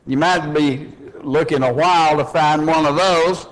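A man's voice: a little high, steady tone, unhurried, few pauses, rough recording. A man preaching a sermon, emphatic and plain-spoken with folksy asides, his voice climbing as he drives his points home.

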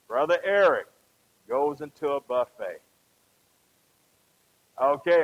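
A man's voice: a little high, expressive, moderate pace, rough recording. A man preaching a conversational sermon, often asking the congregation questions and tagging them with "right?".

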